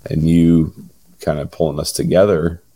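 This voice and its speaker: A man co-hosting a podcast, talking in a halting, laid-back way with many fillers. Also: a bass voice, little pitch movement, warm tone, no room sound. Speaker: podcast co-host. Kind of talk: casual chat.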